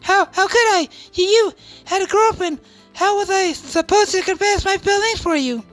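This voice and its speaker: Woman voicing a high, stammering, lovestruck girl who is dangerously obsessive, for a game dub. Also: normal speed, fairly bright tone, soft background music. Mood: obsessive pleading. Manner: breathless, pleading, stammering. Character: obsessive lovestruck young woman wielding a machete.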